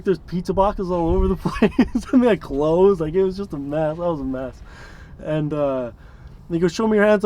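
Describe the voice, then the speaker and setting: A man's voice: high voice, dark tone. A man in his early twenties telling stories in a casual, rambling way, full of fillers and small chuckles. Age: 20s. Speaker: interviewee, van dweller. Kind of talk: casual storytelling.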